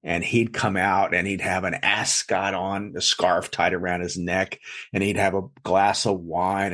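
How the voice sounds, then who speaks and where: A man's voice: deep voice, fairly bright tone. A man, a chef and food blogger, chatting as a guest, telling stories in a rambling way full of fillers and restarts. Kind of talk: casual storytelling in an interview. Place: lives in South Jersey.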